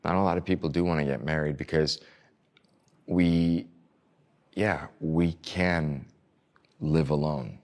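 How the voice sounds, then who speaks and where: A man's voice: extremely low pitch, steady tone, takes it slowly, pauses often, darkish tone. A man as an interview guest, talking loosely with frequent fillers, restarts and casual swearing. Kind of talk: casual conversation.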